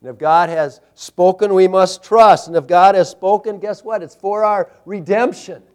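A pastor with a high-sitting, steady, slightly mellow and clean voice preaches at normal speed. His sermon is emphatic, building in intensity through repeated phrases.

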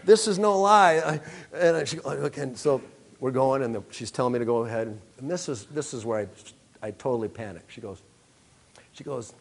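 A pastor preaching, telling a lively personal story and acting out his own panic before drawing the lesson. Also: medium pitch, brisk.

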